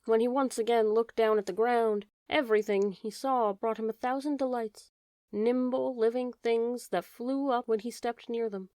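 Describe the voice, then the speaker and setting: A woman reading an old fairy tale aloud in a gentle, measured way. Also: on the high side, fairly even intonation, no room sound, studio quality. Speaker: audiobook narrator. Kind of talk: storybook narration.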